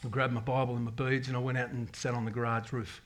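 This middle-aged parish member delivers his testimony quickly, his mid-range voice keeping a level tone. His account of faith to the congregation is frank and meandering, broken by restarts and recited prayers.

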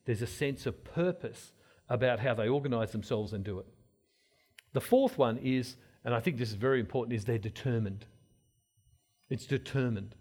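A man giving an informal sermon-style talk, telling stories with many restarts and swinging between loud and soft. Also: mid-range voice, moderate pace. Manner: rambling storyteller, many restarts.

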